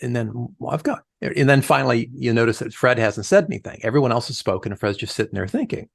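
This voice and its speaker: A man's voice: mid-range voice, fast, gravelly, dry recording. A middle-aged man, a leadership coach guesting on a podcast, talks it through and acts out the voices of the people in his stories. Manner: animated storyteller, acts out quoted voices. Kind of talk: conversational podcast interview.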